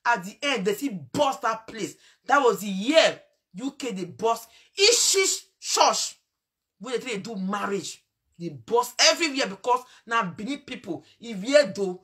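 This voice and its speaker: A woman with a Nigerian Pidgin accent holds forth in a lively commentary monologue. Her voice sits high and sounds bright and sharp. She repeats herself for emphasis and swings between scolding and sudden loud bursts. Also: a little slow. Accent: Nigerian Pidgin English. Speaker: online show host.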